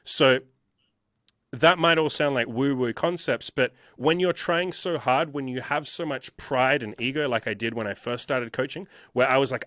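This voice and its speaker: A man's voice: medium pitch, moderate pace, a bit bright, dry recording, studio quality. A man talking casually in an interview as a dating coach, emphatic and repetitive, swearing often.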